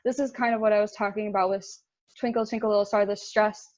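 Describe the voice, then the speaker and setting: A woman's voice: mid-range voice, steady tone, quick pace, a little mellow, no room sound, highs cut off. A young woman giving a casual intern presentation, chatty, with fillers and laughs at her own slips.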